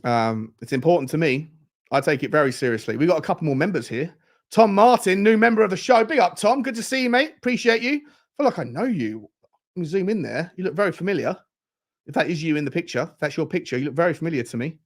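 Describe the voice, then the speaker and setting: A football fan channel host runs a live watchalong, speaking quickly in an expressive voice on the high side. He chats casually, reads out viewer comments and throws questions to his audience.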